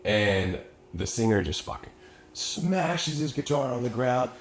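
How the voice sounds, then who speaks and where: In an echoey room with faint ambience and slight background noise, a young musician guest from around Austin rambles through a long story in casual conversation. His mid-pitched voice is expressive and measured, full of swearing and filler words.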